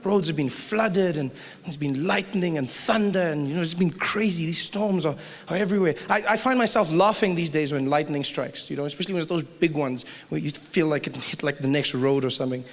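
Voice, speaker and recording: A man doing stand-up comedy in a conversational, animated way. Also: on the high side, fairly quick. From South Africa. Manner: conversational, animated, acts out voices. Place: large live venue with audience. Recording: live hall with crowd noise.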